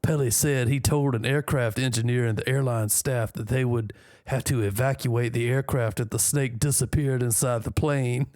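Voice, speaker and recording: A man's voice: medium pitch, steady tone, darkish tone, no echo, clean studio sound. A man from the United States reading a news story aloud and joking between lines in casual commentary. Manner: reads aloud haltingly, joking asides. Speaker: news reaction host.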